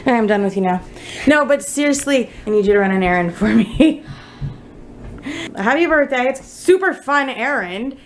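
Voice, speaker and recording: A woman vlogs around her mother's house with a handheld camera, chatting and laughing easily as she talks to the viewers. Her voice sits fairly high, with a faint hiss of noise under it. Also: animated, moderate pace. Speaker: vlogger. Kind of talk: casual family vlog.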